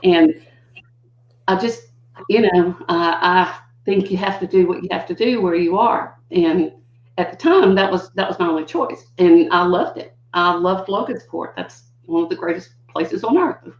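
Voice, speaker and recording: An older woman, a guest educator, telling stories conversationally and acting out what people said with big jumps in her voice. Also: normal speed. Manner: animated, acts out quotes with big pitch jumps. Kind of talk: conversational storytelling. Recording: dull lo-fi audio in a roomy space.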